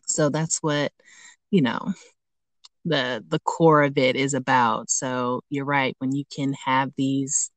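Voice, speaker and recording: Female podcast host, low voice, dry close sound, reflective and filler-heavy delivery. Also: no echo. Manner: reflective, searching for words with frequent ums. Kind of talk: conversational interview.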